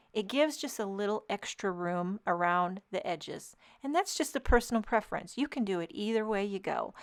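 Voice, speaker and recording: A woman's voice: mid-range voice, fairly bright tone, smooth. A woman hosting her own card-making channel, chatting enthusiastically and explaining each step of a crafting tutorial as she works.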